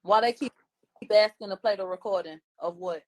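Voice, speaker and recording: A woman's voice: medium pitch, brisk, no room sound. A woman, a guest commentator on a livestream, talking bluntly and combatively in casual chat.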